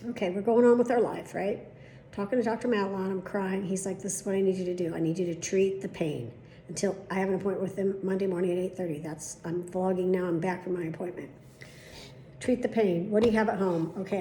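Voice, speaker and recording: A middle-aged woman vlogs casually at home, telling a long story full of swearing and acted-out dialogue in a chatty way. Her voice is medium-pitched and dark in tone, with reverb and slight background noise.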